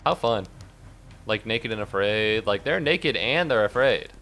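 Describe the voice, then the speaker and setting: A man's voice: fairly low pitch, expressive, moderate pace, sharp tone, faint music behind. A young man streaming a game, rambling and sarcastic, swearing a lot and yelping suddenly at the game. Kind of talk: casual gameplay commentary.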